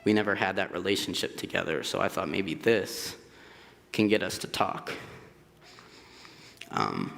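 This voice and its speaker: A young man in his twenties giving a hesitant personal testimony at church, often pausing with fillers. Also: low voice, creaky, fairly bright tone. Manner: hesitant, searching for words with many fillers. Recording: reverberant church hall.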